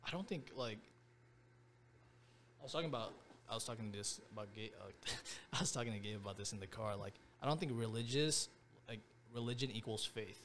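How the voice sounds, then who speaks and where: A man's voice: on the low side, a little fast, a bit bright, a little hiss or hum. Slangy young man telling a story. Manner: slangy, fills with "bro" and "like". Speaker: podcast guest. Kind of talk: casual personal storytelling.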